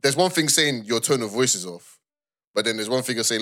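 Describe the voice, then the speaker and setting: A man's voice: medium pitch, a little fast, a bit bright. A man co-hosting a casual podcast, reflecting and explaining points through acted-out example exchanges. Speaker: podcast co-host.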